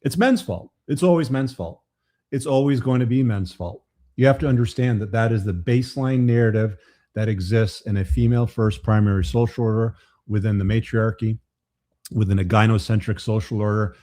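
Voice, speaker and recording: Dark-voiced blunt male host. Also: lowish voice, a little fast. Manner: blunt, profane, emphatic. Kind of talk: live show commentary.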